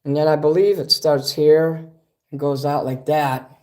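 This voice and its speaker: A man's voice: on the high side, little pitch movement, unhurried, darkish tone. Rambling profane man. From Chicago. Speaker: livestream host. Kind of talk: casual livestream chat.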